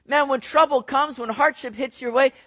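Male pastor, middle-aged, high voice, animated conversational sermon, dry close sound. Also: moderate pace, no echo. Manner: animated, talks to the congregation with asides and acted-out quotes.

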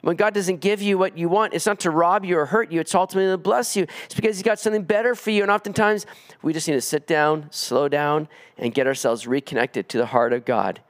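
Man, pastor, sermon, earnest preaching, slightly high-pitched. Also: quick pace. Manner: earnest preaching, rising in pitch on emphatic pleas. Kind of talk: expository sermon.

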